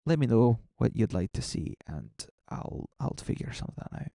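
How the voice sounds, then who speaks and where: A young man talks casually to his live-stream audience, rambling and answering chat messages as they come in. His voice has a gravelly edge to it. The sound is dry and close, with no room echo. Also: mid-range voice, sing-song, moderate pace, warm tone. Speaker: gaming streamer.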